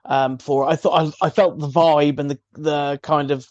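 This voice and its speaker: A man with a slightly high voice chatting as a podcast co-host. He often trails off and restarts as he looks for words. His voice is dry and close-miked. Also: steady tone, dry recording, lo-fi sound. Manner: hesitant, halting. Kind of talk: casual chat.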